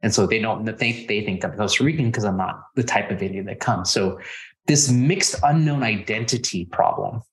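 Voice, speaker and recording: A man's voice: lowish voice, normal speed. A man from Texas, a podcast guest in casual conversation, playfully acting out exchanges with strangers. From Texas, USA. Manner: playful, acts out quoted exchanges in a raised voice.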